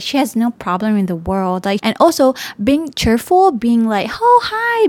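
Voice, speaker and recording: A woman's voice: medium pitch, no room sound. Malaysian woman in her thirties, frank podcast host, swears freely and laughs a lot, dry close sound. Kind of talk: candid podcast rant.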